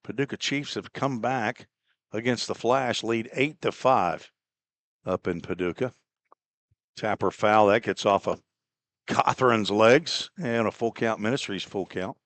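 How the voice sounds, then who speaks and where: A man doing relaxed, chatty play-by-play commentary on a baseball game, with easygoing asides between pitches. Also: a little slow, dry recording. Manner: relaxed, chatty, laughs at own slips. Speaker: play-by-play announcer.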